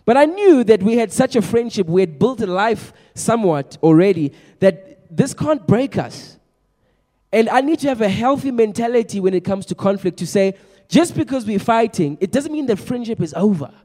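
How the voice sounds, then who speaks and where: A young man preaching to a youth group in a chatty, energetic way, often repeating his words. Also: sits high, normal speed. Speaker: youth pastor. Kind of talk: youth sermon. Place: large room with a youth audience. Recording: long echo of a large hall.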